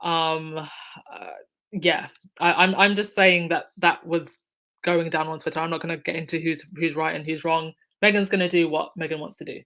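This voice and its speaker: A woman hosts a casual livestream from home, talking straight to her viewers in a lowish voice. She chats loosely, thanks donors by name and reacts to their comments as she goes. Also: steady tone, moderate pace, fairly bright tone, poor audio. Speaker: YouTube commentator reading live chat donations.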